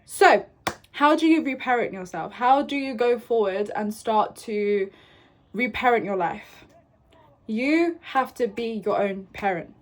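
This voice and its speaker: A young woman giving self-help advice in a casual vlog, coaching gently and often checking in with "right?" and "okay?". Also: a little high, expressive, unhurried. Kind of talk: casual advice talk to camera.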